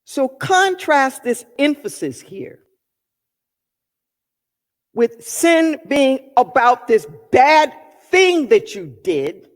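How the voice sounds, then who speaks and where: High-voiced woman preaching in a hall. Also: big pitch swings, very slow, long pauses. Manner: emphatic, repeats key phrases. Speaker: minister. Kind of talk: sermon.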